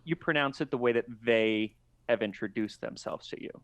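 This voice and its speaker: A man talking as a podcast guest in casual chat, measured and thoughtful, often restarting his sentences. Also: mid-range voice, clean tone, dry recording.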